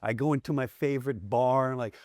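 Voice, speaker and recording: A middle-aged American man, a comedian guest on a podcast, telling candid stories in animated bursts with restarts and acted-out voices. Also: medium pitch, fairly quick, no echo, studio quality. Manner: animated storyteller, acts out quoted voices, frequent restarts. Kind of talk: candid storytelling in a long-form interview.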